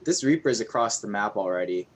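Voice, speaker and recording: A man's voice: on the low side, expressive, fast, husky. A man co-commentating a game tournament casually, chatty and analytical. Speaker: tournament co-caster.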